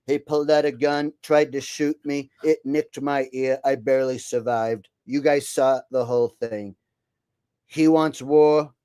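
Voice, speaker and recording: A man's voice: mid-range voice, a little mellow, clear, resonant tone, no echo, natural voice. Guy doing a bragging old politician bit, repeats himself a lot, dry sound. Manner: repetitive, bragging, blustery. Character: boastful older male politician impression.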